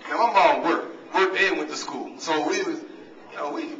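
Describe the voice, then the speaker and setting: A man's voice: fairly high pitch, normal speed, fairly bright tone, slight background noise. A man, giving a humorous, motivational banquet speech as a coach and talking straight to the crowd, recorded in a large hall from a distance. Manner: storytelling, talks straight to the crowd. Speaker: guest speaker and coach. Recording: echoey hall, distant mic, dull sound.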